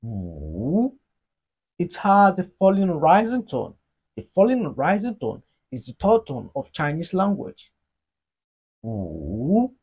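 A Mandarin teacher giving an online lesson, explaining slowly and deliberately and leading repeat-after-me drills. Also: medium pitch, expressive, slightly rough, lo-fi sound. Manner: slow, deliberate explaining, modeling sounds for learners.

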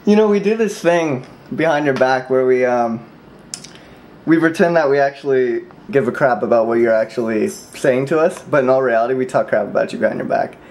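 A man's voice: mid-range voice, fairly quick, a little mellow. A man talking casually to camera in a vlog, teasing his friends in a mock-mean way, full of "like" and "um", laughing at his own jokes. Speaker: vlogger.

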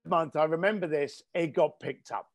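Speaking at a moderate pace in a fairly high pitch, this middle-aged entrepreneur and author from East London, England, recounts stories as an interview guest. The chat is casual, his style blunt and emphatic.

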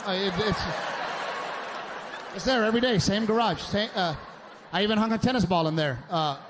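Stand-up comic, male, high voice, loud exasperated rants on a noisy live show recording. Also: normal speed. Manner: loud, exasperated ranting with shouted bursts. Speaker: stand-up comedian.

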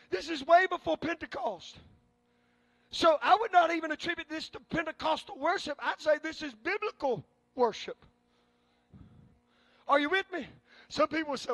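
A male preacher delivering a sermon, folksy and joking at times, building up to fervent shouting. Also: very high voice, no echo. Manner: folksy, humorous asides.

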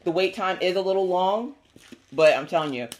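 A woman hosting a casual unboxing video, chatty and enthusiastic, her voice squeaky today. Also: fairly quick, a little mellow. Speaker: crafting video host.

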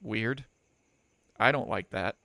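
A man's voice: lowish voice, takes it slowly, gravelly, bright, forceful tone, dry recording. A young man doing let's play commentary on a horror game, joking and sarcastic as he reads the game's text aloud. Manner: joking, sarcastic, laughs often. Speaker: gaming let's player. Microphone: desk microphone.

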